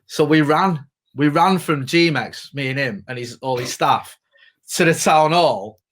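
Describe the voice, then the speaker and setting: A man's voice: on the high side, unhurried, a bit bright. A man, co-hosting a casual podcast and telling stories in a chatty way, swearing freely. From Greater Manchester, England. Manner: chatty storyteller, swears freely, laughs often. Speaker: podcast co-host, former reporter.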